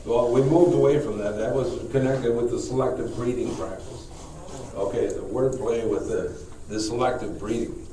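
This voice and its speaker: A man, a priest, leading a Bible study class, speaking haltingly, repeating words and putting questions to the group. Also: mid-range voice, steady tone, dark tone. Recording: echoey room, mic far off, faint noise.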